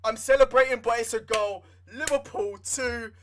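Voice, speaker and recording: A young man giving live fan commentary on a football match, excitable and swinging from nervous muttering to shouting. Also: very high voice, normal speed, a little hiss or hum. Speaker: livestream football watchalong host.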